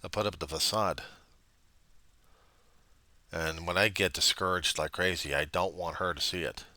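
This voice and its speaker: A man speaking in a rambling, self-deprecating video diary to a reverend, moving between quiet musing and loud outbursts. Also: deep voice, fairly even intonation, normal speed, no echo. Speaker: video diarist addressing a reverend. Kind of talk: personal video diary monologue.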